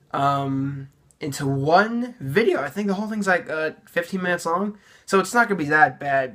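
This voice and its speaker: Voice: mid-range voice, fairly bright tone. A teenage YouTuber in casual, self-mocking reaction commentary on their own old videos, with plenty of ums and uhs. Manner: sarcastic, self-mocking, many fillers.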